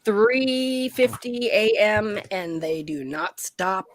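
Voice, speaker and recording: A woman's voice: medium pitch, animated, slow, no room sound, poor audio. A woman chatting casually on a live stream from home, telling blunt, profane stories and laughing through them. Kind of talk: casual chat, storytelling.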